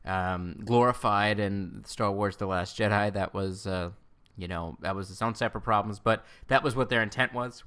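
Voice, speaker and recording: A man with a fairly low voice talks through entertainment news in a casual video commentary. He rambles and often corrects himself, with plenty of fillers. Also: moderate pace, fairly bright tone. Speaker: Star Trek news commentator.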